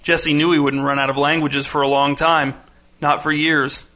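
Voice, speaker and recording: A man narrating a novel in an even, measured reading. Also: on the high side. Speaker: audiobook narrator. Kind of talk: scripted narration.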